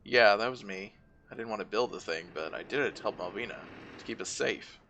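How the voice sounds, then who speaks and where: A man's voice: fairly low pitch, a little fast, lo-fi sound, slight background noise. A man voicing a regretful woman engineer in a video game, reading her lines hesitantly in his own voice. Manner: hesitant, quietly reads the game's dialogue aloud. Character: regretful woman engineer who built a trap.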